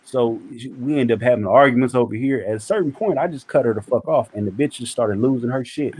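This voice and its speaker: A man's voice: medium pitch, fast talker, husky. Profane man telling a story. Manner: animated, profane, acts out quotes. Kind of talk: casual storytelling.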